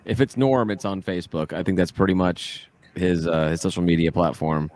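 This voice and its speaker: A man with a very low, deep voice chats easily on a podcast, quick to laugh. A faint hiss of background noise sits under his voice. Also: steady tone, darkish tone. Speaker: podcast co-host. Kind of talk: casual chat.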